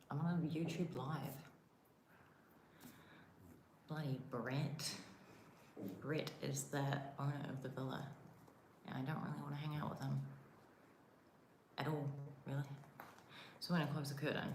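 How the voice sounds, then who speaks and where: A woman's voice: deep voice, darkish tone, reverberant, a little hiss or hum. A young woman with a New Zealand accent chatting casually on a live stream, rambling and self-deprecating with lots of "like" fillers. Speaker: livestreamer. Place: rented villa room, indoors.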